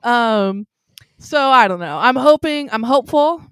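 A woman's voice: fairly high pitch, a little slow, clear, resonant tone, no room sound, clean studio sound. A young woman telling a story in casual chat, acting out the other people's lines as she goes. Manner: animated storyteller acting out quotes. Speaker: friend chatting.

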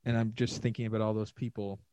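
A man's voice: fairly low pitch, level tone, quick pace, dark tone, smooth, dry recording. Profane rambling male podcast host. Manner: profane, rambling, sarcastic rants. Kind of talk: solo rambling podcast monologue.

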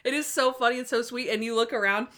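Animated young woman retelling scenes. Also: on the high side, quick pace. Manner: animated, acts out scenes in quoted voices, laughs often. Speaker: podcast co-host. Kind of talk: casual chat recapping a TV episode.

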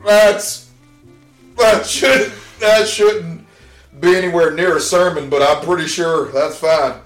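A man's voice: a little high, fairly even intonation, slow. A man co-hosting a casual podcast, playful with a mock-tough drawl in improv banter. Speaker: podcast co-host. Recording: echoey room, off-mic, music behind.

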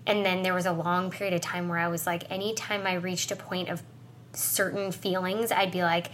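A woman's voice: lowish voice, flat delivery, normal speed, a bit bright, a little hiss or hum. A woman co-hosting a podcast, talking in a casual, reflective way and getting choked up and tearful as she opens up. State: choked up, crying. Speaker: podcast co-host. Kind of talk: casual heartfelt conversation.

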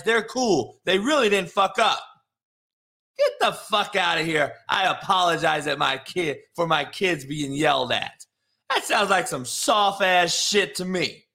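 Man, live stream host, confrontational profane rant, high-pitched, sharp tone. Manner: profane, confrontational, mocking, shouts at chat.

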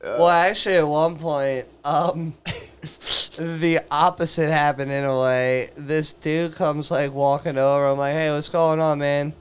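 A man's voice: fairly high pitch, steady tone, unhurried, smooth. A young man telling a rowdy story in casual chat, swearing and laughing and acting out the people he quotes. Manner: profane, laughing, acts out quoted voices.

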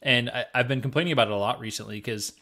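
A man's voice: mid-range voice, rapid-fire, pushed and bright. A man co-hosting a podcast, chatting casually and going on ranting, swearing tangents. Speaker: podcast co-host. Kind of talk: casual chat.

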